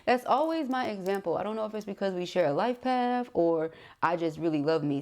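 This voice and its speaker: A woman in her thirties giving a casual tarot reading, talking fast and excitedly, stumbling over her words and laughing at herself. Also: mid-range voice, creaky. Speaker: tarot reader.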